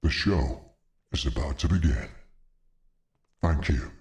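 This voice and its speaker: A man talking through a pitch effect that drops his voice very deep, sometimes making mock-stern announcements. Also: takes it slowly. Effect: pitch-shifted down into a very deep voice.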